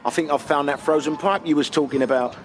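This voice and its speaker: A man's voice: on the high side, quick pace, lightly acted. An actor playing a cheerful male school caretaker, with a Cockney accent and a servile working-class tone. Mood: chummy. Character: male school caretaker spy handler, chummy. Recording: TV clip with loud music. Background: loud music.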